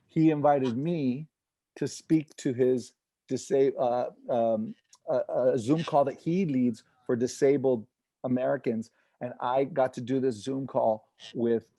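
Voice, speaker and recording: A man who is an inspirational speaker and comedian, giving an energetic, earnest motivational talk on a video call and bringing quoted people to life with animated voices. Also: medium pitch, no room sound.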